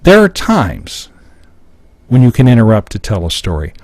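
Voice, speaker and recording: A man's voice: on the low side, wildly swooping pitch, normal speed, darkish tone, no echo. A man presenting a live seminar, explaining points emphatically and acting out short example lines. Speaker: seminar speaker. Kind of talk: live public-speaking seminar. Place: seminar room before an audience.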